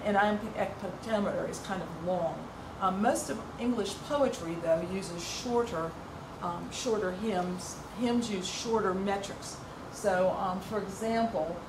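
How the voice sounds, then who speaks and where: A woman's voice: mid-range voice, roomy sound, recorded from a distance, background noise. A woman teaching a music workshop, explaining patiently with some ums and restarts. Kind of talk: informal music lesson.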